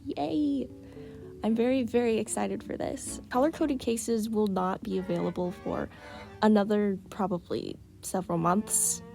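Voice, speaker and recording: A woman's voice: mid-range voice, vocal fry, dark tone. Giggly young woman reading her old stories. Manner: chatty, giggly, reacts to her own writing. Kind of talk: casual reading aloud with commentary.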